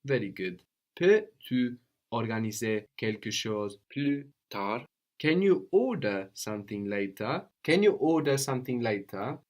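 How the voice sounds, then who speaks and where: A man teaching a language lesson, patient and probing, often checking with a quick "no?". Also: medium pitch, lively intonation. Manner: patient, prompts with questions, tag "no?".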